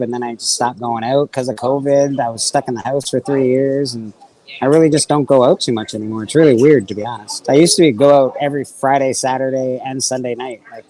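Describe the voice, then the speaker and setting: A man's voice: mid-range voice, a little mellow, rough recording. A man hosting a casual livestream, chatting loosely and reading out questions from the chat. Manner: laid-back, chatty, reads out chat questions. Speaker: host.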